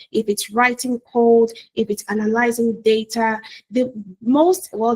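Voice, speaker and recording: A woman's voice: on the high side, poor audio. A woman giving an enthusiastic promotional talk, speaking directly to the viewer with frequent fillers. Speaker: presenter for a training company.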